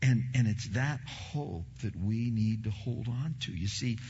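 A man's voice: on the low side, animated, unhurried, a little mellow, slightly rough, highs cut off. A middle-aged male pastor preaching a sermon, moving from a personal story to fervent preaching.

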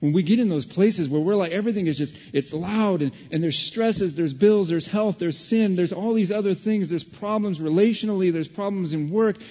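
A man preaching a sermon as a pastor, telling a childhood story in an animated way and acting out other people's voices. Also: sits high, normal speed, few pauses. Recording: dull, reverberant hall recording.

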